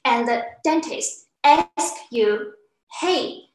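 A woman teacher with a high voice takes her time, speaking slowly and patiently as she walks a beginner class through each point. She acts out example sounds with big swoops of pitch. The echoey classroom rings around her. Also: fairly bright tone, a little hiss or hum. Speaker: Chinese language teacher.

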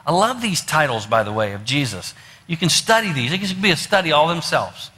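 A man's voice: a little high, big pitch swings, fairly quick, sharp tone. A man with a West Virginian accent preaching a sermon as pastor, folksy and storytelling, with many fillers and restarts. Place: church sanctuary. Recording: long hall reverb.

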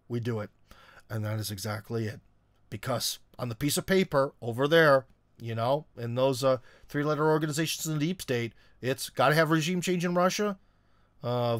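A man's voice: mid-range voice, no room sound. A man hosting a live stream, reading viewer comments and answering in an opinionated, sarcastic, conversational way. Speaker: host.

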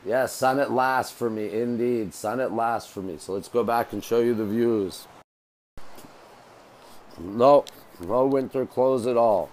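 A livestream host from Montreal, Canada talks casually by phone from an outdoor hotel balcony near the beach, greeting viewers by name and repeating himself. He has a mid-range, darkish voice at a measured pace, and the recording is rough.

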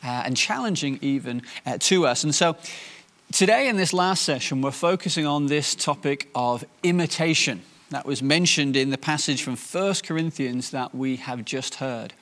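A man giving a sermon in a conversational way, pausing often with fillers and restarting his sentences. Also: mid-range voice, a bit bright. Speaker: preacher.

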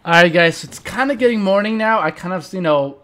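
Young male let's play host, slightly high pitch, excitable and jokey running commentary. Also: a little fast. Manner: animated, talks to viewers, reacts loudly to the game; playful, jokes and mock eulogies. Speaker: gaming channel host.

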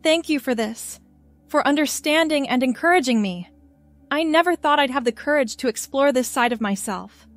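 A woman voicing a shy, nervous young man who speaks in a hushed, hesitant way. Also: sits high, animated, normal speed, faint music behind, voice pushed up. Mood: grateful.

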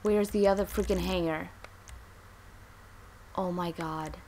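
A young woman hosting a let's play, commenting with exasperation, muttering and then yelling. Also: fairly low pitch, fairly even intonation, slow, slight background noise. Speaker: gaming channel host.

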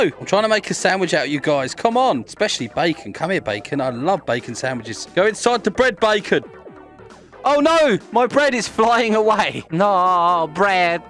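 Faint music sits behind this young man's high, sing-song voice, which has a fairly bright tone and a moderate pace. Hosting a gaming video, he keeps up playful commentary while he plays, giggling, teasing players, and laughing frequently.

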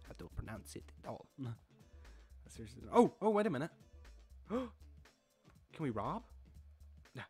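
A man's voice: medium pitch, husky. Chatty young man narrating gameplay. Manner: chatty, confused, laughs often. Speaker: gaming video host. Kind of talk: casual gameplay commentary.

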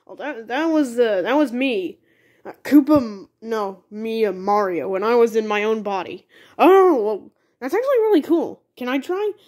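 A woman's voice: a little high, lively intonation, normal speed, a little mellow. A woman voicing all the characters of a homemade toy cartoon in a playful, goofy way. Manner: playful, goofy, talks with many restarts.

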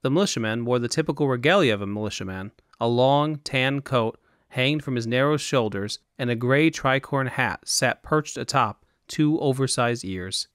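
A man's voice: mid-range voice, moderate pace, few pauses, a bit bright, no room sound, clean studio sound. Man narrating a fantasy audiobook.

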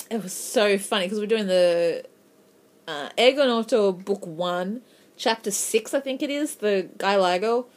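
A young woman with an Australian accent in her twenties, chatting casually in a rambling vlog with lots of ums and a stuffy, runny nose. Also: on the low side. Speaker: English teacher vlogger.

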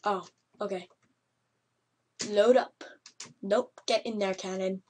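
A woman giving excitable, yelping commentary over a game she is playing. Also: mid-range voice, takes it slowly, pauses often, a little hiss or hum. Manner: excitable, yelps and laughs at the game. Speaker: gameplay commentator. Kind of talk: let's play commentary.

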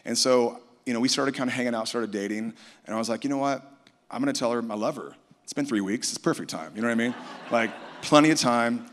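A man's voice: mid-range voice, fast, fairly bright tone. A man giving a personal testimony on stage at a conference. He tells it as an earnest story and acts out the people he quotes. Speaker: conference speaker sharing a testimony. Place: large conference hall. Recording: long hall reverb from a live conference.

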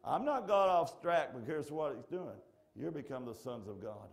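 A middle-aged male pastor preaching a folksy, animated sermon in church that swings from shouting to hushed. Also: fairly high pitch, normal speed, creaky, slight background noise.

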